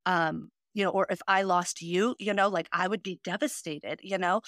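A woman's voice: lowish voice, steady tone, normal speed, fairly bright tone, no echo, clean studio sound. A woman co-hosting a podcast, talking earnestly and openly in casual chat, with lots of "you know" and "um". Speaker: podcast co-host.

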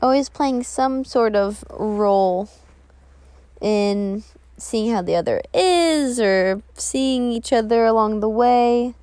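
Young woman, unhurried personal monologue, candid, rambling, dry recording. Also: a little high, mellow, dry recording. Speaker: podcast host.

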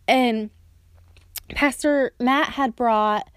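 A woman's voice: on the high side, drawn-out words, smooth, no echo, studio quality. A woman sharing a heartfelt personal testimony, earnest and storytelling, now and then acting out remembered words.

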